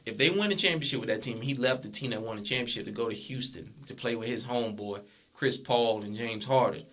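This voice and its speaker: Young male co-host, bright voice, steady, reasoned sports talk. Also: mid-range voice, fast. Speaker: podcast co-host. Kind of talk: casual sports debate.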